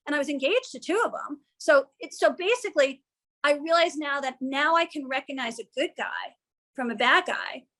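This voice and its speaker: A woman's voice: high-pitched, expressive, normal speed, bright, forceful tone. A woman speaking as an interview guest, a matchmaker and TV producer. She tells stories candidly, acts out quoted lines and swears freely.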